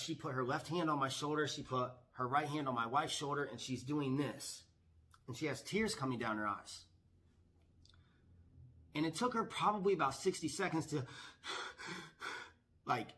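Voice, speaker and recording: Bright-voiced emphatic male vlogger. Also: medium pitch. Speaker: professional gambler vlogger. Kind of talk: storytime vlog.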